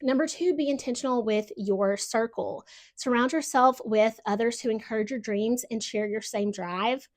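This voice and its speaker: A woman hosting a podcast, giving casual motivational talk in a chatty way, full of "like" and lively asides. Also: on the high side, moderate pace. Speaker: podcast host.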